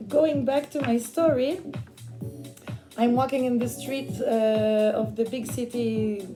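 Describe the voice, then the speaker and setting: A woman's voice: fairly high pitch, steady tone, takes it slowly. A woman in her forties from Switzerland, telling a rambling personal story while she paints. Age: 40s. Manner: rambling, chatty, with frequent fillers and restarts. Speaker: artist and vlogger. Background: background music.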